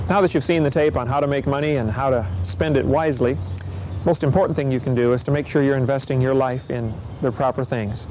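A middle-aged man preaching a lively seminar talk to young people, folksy and energetic in his storytelling. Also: mid-range voice, brisk, slight background noise. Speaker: evangelist speaker.

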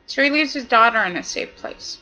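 A woman's voice: a little high, animated, a little fast, sharp tone, soft background music, rough recording. A woman giving an indignant, preachy monologue, hammering her points with repetition. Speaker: video commentator. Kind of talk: impassioned monologue.

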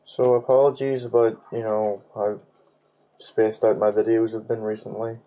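A man's voice: on the low side, level tone, normal speed, muffled recording. A man giving casual gaming commentary while he plays, rambling, swearing freely and humming nonsense tunes. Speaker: let's play gamer.

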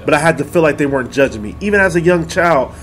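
A man's voice: fairly high pitch, animated, fast, fairly bright tone, slight background noise. A man hosting a podcast who speaks in an earnest, thoughtful way in casual chat. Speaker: podcast host.

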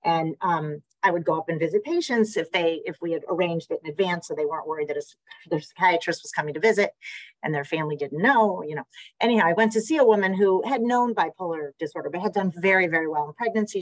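A woman's voice: lowish voice, brisk, dry recording, rough recording. A woman psychiatrist with an American accent giving a conversational webinar talk over a video call, with many fillers and restarts. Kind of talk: webinar presentation.

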